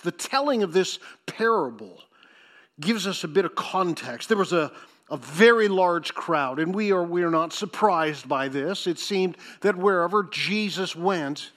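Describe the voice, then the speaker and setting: A man's voice: high voice, fairly bright tone. A man preaching a sermon in a conversational way, talking directly to the congregation with asides. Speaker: pastor.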